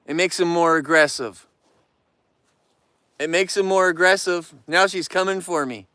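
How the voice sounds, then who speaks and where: A man's voice: high-pitched, measured pace, bright, forceful tone, clean tone, no echo. A man hosting a livestream from his yard, joking and chatting playfully with viewers. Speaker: livestream host. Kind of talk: casual live chat to viewers.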